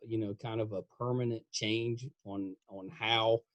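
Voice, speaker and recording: A man with a West Virginian accent hosts a relaxed podcast chat, his questions full of false starts and small repeats. He laughs easily along with his guest. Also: on the low side, a little slow. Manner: hesitant, repeats words, friendly laughter. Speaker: podcast host. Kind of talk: casual interview chat.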